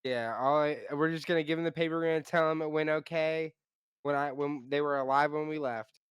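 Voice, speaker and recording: A man's voice: fairly high pitch, fairly even intonation, fairly quick, clear, resonant tone, no room sound. A man playing a tabletop game, joking about his character with the group. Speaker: player. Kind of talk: casual game chat.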